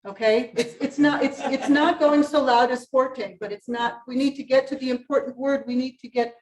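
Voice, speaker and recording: High-voiced woman leading choir rehearsal. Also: moderate pace. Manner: sings phrases to demonstrate, animated coaching. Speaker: choir director. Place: rehearsal room with singers. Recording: roomy rehearsal hall, from far off.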